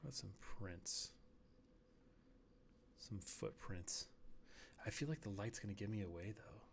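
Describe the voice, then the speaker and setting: A man's voice: fairly low pitch, expressive, unhurried, vocal fry, a little hiss or hum. A man streaming a hunting game, rambling casually and dropping to a near whisper while sneaking up on animals. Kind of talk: casual gameplay commentary.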